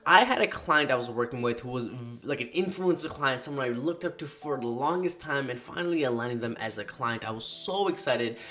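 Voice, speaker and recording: A man telling a personal freelancing story in a casual, animated vlog style, slangy and dramatic in the retelling. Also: mid-range voice, brisk, few pauses. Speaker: freelance marketing creator.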